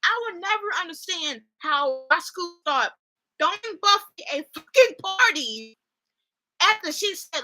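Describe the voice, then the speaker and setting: Young woman streamer, high bright voice, expressive, slangy, swears freely. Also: a little slow, rough recording. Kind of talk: casual live-stream chat.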